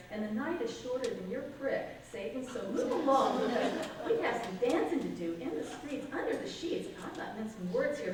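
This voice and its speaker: A woman's voice: a little high, darkish tone. A middle-aged woman poet giving a reading, chatting in a rambling, self-deprecating way between her poems. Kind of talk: poetry reading with chatty asides. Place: conference hall reading. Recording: echoey hall, distant mic, background noise.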